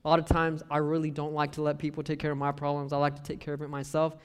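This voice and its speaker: A man's voice: a little high, completely flat delivery, fast talker, smooth. Young man preaching in a reverberant hall. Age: young adult. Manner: conversational, joking asides, acts out family quotes. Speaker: lay preacher. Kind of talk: casual sermon talk with scripture.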